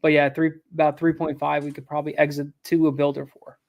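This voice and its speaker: A man's voice: fairly high pitch, quick pace, vocal fry, muffled recording. A man in a casual interview, telling a business story with lots of fillers and acted-out quotes. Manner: animated, acts out quotes, frequent fillers and restarts. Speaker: land investor guest.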